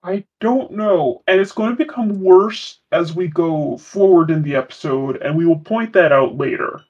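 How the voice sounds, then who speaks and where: This is a podcast co-host in casual recap chat, making dry, wry remarks. The recording sounds a little dull and lo-fi. The voice sits at an ordinary middle pitch. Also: moderate pace.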